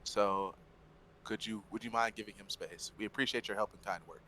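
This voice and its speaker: A man's voice: on the low side, steady tone, bright, forceful tone, a little hiss or hum, low-quality recording. Man playing a clinical doctor character. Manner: measured, clinical explanations. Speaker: player.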